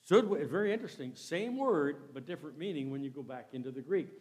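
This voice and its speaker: A man preaching a sermon, reading King James verses aloud and swinging between loud and soft delivery. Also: a little high, lively intonation, fast.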